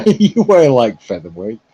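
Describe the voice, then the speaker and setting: Slow-talking man, laughing a lot. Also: mid-range voice, wildly swooping pitch, dark tone, breathy edge, poor audio. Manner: slow, laughs often, swears casually. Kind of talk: casual chat.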